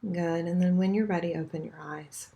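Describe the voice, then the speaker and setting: Soft-spoken woman guiding a meditation. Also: fairly low pitch, fairly even intonation, creaky, highs cut off. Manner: soft, slow and soothing, trailing off quietly at phrase ends. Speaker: energy healing teacher. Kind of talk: guided meditation.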